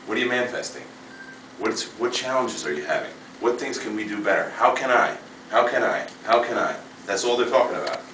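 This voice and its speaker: A man's voice: medium pitch, brisk, hardly any pauses, fairly bright tone, a little hiss or hum. A man in his thirties giving a fired-up, emphatic motivational talk as a seminar speaker. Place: seminar room. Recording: echoey room, mic far off.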